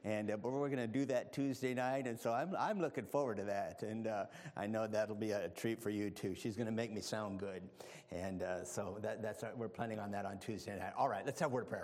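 A man's voice: on the low side, fairly quick, darkish tone, in a large hall. A man preaching as a visiting evangelist, telling folksy stories with humor and praying fervently in a church sanctuary. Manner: fervent prayer. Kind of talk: sermon.

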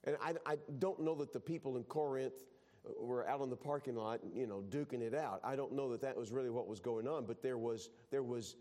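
A pastor from Texas delivering a sermon in a loose, conversational way, often doubling back and restarting his phrases. His voice sits at an ordinary, middle pitch for a man. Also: a little fast, mellow. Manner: conversational preaching with repeated restarts.

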